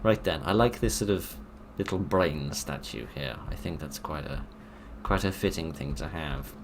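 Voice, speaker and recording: A man's voice: a bass voice, moderate pace, noisy background. A man giving dry, sarcastic let's play commentary while he plays a horror game. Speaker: gaming video narrator.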